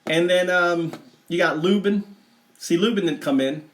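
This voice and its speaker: A man talking through a chart in a digressive, rambling monologue, restarting often and bursting into excitement. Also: high-pitched, unhurried, reverberant. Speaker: vlogger explaining a chart of figures.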